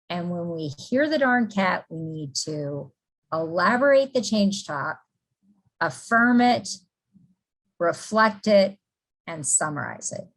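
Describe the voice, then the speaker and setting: A middle-aged woman, a psychology professor, leads a conversational workshop lecture. She explains patiently, often pausing with ums and starting sentences over. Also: lowish voice, low-quality recording.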